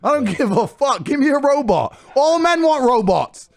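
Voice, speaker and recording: A man's voice: very high-pitched, very animated, moderate pace. A man ranting in a blunt, profane, scornful way. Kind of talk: ranting monologue. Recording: speech over loud hip hop beat. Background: loud hip hop music.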